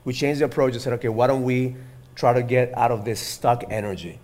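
A middle-aged man talking earnestly about being a father, quick and wordy, full of "you know" and "like". His voice sits at an ordinary pitch and he moves along at a brisk clip. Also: steady tone, darkish tone. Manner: earnest, rambling with many fillers. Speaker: father and podcast host. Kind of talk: casual conversation.

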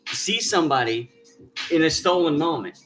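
A man's voice: a little high, animated, normal speed, music in the background. A man with a New York accent, co-hosting a casual chat show, laid-back and playful and given to swearing. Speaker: co-host of a live chat show. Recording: echoey room with faint background sound.

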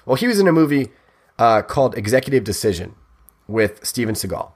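A man's voice: medium pitch, sing-song, fairly quick, a little hiss or hum. A man co-hosting a podcast, chatting casually and telling loose, jokey stories. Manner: rambling storyteller, loose and jokey. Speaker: podcast co-host. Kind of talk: casual chat.

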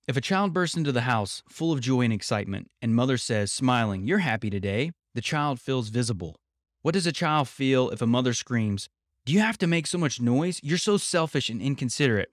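A man hosting a podcast from home, talking things through in a calm, reflective, measured way. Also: mid-range voice, no room sound, studio quality. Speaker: podcast host. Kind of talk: explanatory podcast talk.

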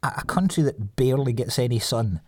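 A Scottish man hosting a podcast in casual chat, animated, swearing freely and laughing often. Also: medium pitch, normal speed.

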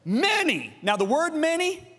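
A middle-aged man preaching a sermon, emphatic and theatrical, jumping from shouts to hushed asides. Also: sits high, animated, normal speed, long reverb tail.

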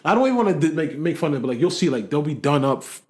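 A young man from the area, telling stories in a slangy, animated way during a casual chat. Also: a little high, rapid-fire. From Toronto area, Canada.

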